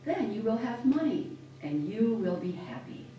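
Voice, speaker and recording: A woman reading the part of a gentle old female apple tree, soft and pleading. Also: a little high, very animated, normal speed, dull audio, slight background noise. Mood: tender. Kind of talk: reading a children's story aloud. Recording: echoey room from far off.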